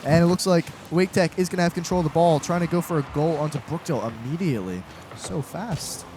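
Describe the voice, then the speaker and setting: A man giving live esports play-by-play from a college studio set, excitable and tripping over his words. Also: a little high, fast talker. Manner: excitable, stumbles and repeats words. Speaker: esports caster. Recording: steady background noise.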